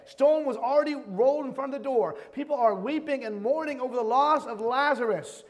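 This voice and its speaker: Male pastor, high voice, fervent sermon delivery that drops to near whispers, reverberant sanctuary. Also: fairly quick, hardly any pauses. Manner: impassioned, swings between loud and hushed, repeats phrases. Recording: long hall reverb.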